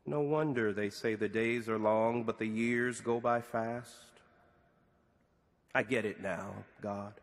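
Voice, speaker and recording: A middle-aged man preaching a sermon framed as a prayer to God, with slow deliberate pauses and rising questions. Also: medium pitch, a bit bright, long reverb tail.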